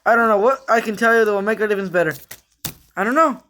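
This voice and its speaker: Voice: mid-range voice, fast talker, a bit bright, slight background noise. Fan vlogger venting about their team, rambly, says stuff over and over, lots of ums. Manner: rambling, repetitive, frustrated; many fillers and restarts. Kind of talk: casual fan rant.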